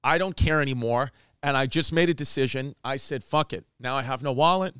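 A man hosting a comedy podcast, telling a rambling story with animated, profane energy. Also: medium pitch, fairly quick, smooth, no room sound, clean studio sound. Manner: animated, profane, slips into mock voices and Spanish phrases. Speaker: podcast host.

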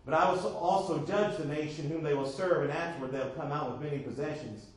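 Brief: pastor, high-pitched man, distant mic in a reverberant church. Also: a little fast. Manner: call-and-response preaching, repeated "how many know". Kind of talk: sermon. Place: church sanctuary. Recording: echoey church room from far off.

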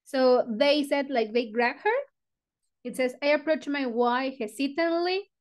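A woman's voice: on the high side, unhurried. A woman who leads a book club, reading passages aloud and explaining words in a chatty, loose way full of fillers. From Mexico.

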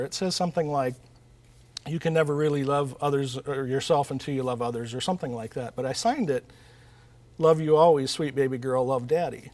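A man's voice: a little high, a little mellow. Earnest man telling stories in an interview. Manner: earnest, storytelling, with frequent restarts. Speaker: author and guest. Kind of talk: interview conversation.

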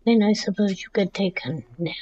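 A woman's voice: mid-range voice, moderate pace, warm tone, dry recording, highs cut off. A woman in her forties giving casual, chatty commentary on her game at home, talking to the game characters and her dog as she plays. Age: 40s. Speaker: gameplay commentator.

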